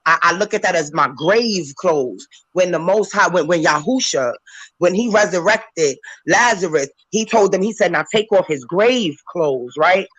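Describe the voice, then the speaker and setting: Nearly crying, a woman on a call to a talk panel preaches with strong emotion and emphasis, animatedly performing character voices. Her pitch is fairly low and her speed normal, and the audio is poor, with no echo.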